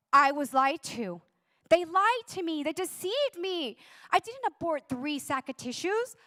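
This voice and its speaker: A woman with a high, light voice tells a personal testimony with strong emotion. She speaks intensely and drags out key words for dramatic weight. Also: fairly bright tone.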